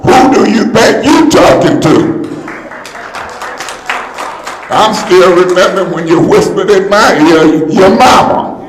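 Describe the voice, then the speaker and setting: A man with a slightly raised voice addresses a public council meeting, confrontational and indignant, breaking into hollers. The sound rings through a large reverberant chamber with long echo. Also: fairly high pitch. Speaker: city council member.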